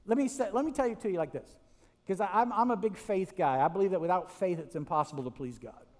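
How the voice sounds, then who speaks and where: A male preacher giving a lively sermon, telling stories with restarts and frequent "right?" asides. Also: sits high, fast talker, in a large hall. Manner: animated storytelling with many restarts and "right?" asides.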